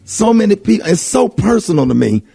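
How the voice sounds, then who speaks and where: A man hosting a radio morning show, talking in animated, repetitive bursts. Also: sits high, a little fast, gravelly, husky, no echo. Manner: animated, repeats words when excited. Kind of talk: excited radio show banter.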